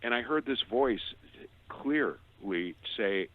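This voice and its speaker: A middle-aged man shares a personal testimony as a radio guest. His voice sits very low and comes through a narrow, tinny phone line. He talks earnestly, tripping over and repeating words. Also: normal speed.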